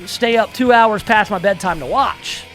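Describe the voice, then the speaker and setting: A man's voice: sits high, normal speed, a bit bright, faint music behind. A middle-aged man hosting a radio talk show, chatting casually and wryly with many restarts. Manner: wry, talkative, many restarts. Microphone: studio microphone.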